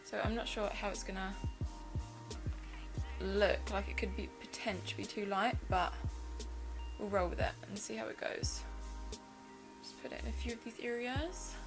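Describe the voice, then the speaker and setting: A woman's voice: mid-range voice, rough recording. A young woman in her twenties, chatting enthusiastically as she walks through a makeup tutorial step by step. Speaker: beauty vlogger. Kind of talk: casual makeup tutorial narration. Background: background music.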